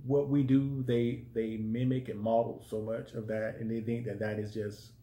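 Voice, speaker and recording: A man's voice: flat delivery, moderate pace, dark tone. A man relationship coach chatting casually with his wife, easygoing and reflective. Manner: easygoing, reflective, jumps high when quoting others. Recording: roomy echo.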